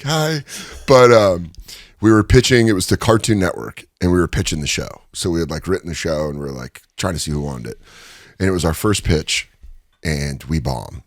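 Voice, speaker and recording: Animated, laughing male comedian. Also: very deep voice, no room sound, studio quality. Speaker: stand-up comedian and guest. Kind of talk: casual storytelling interview. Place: recording studio.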